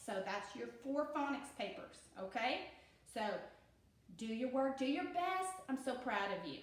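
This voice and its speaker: A woman with a Southern US accent teaching a pre-K lesson, cheerful and encouraging, sounding words out slowly and stretching them for the children. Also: sits high, animated, distant mic. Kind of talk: recorded lesson for young children. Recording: very echoey room.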